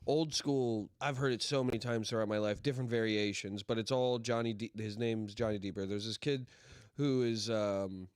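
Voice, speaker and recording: A man's voice: lowish voice, fairly even intonation, normal speed, clear, resonant tone, no echo. Man, podcast host, casual rambling joke-telling, dry close mic, frequent laughter. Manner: rambling, laughs often, swears. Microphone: podcast microphone.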